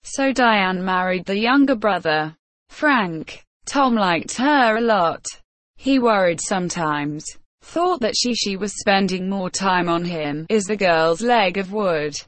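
A woman reading a story aloud as narrator, telling it slowly and evenly, with light voices for the characters. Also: medium pitch, dry recording. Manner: slow, even storytelling with small character voices. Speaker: audiobook narrator. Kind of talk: scripted narration.

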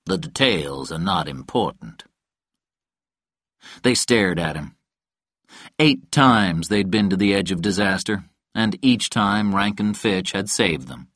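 A man reading a novel aloud in a calm, even storytelling manner. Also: on the low side, a little slow, dry recording, studio quality. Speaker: audiobook narrator. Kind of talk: scripted narration.

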